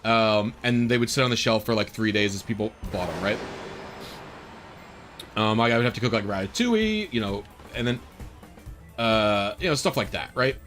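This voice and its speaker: A man's voice: on the low side, lively intonation, moderate pace, pauses often, fairly bright tone, faint music behind. A man streaming a game, rambling casually through a story with lots of fillers and exasperated asides. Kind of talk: casual storytelling while gaming.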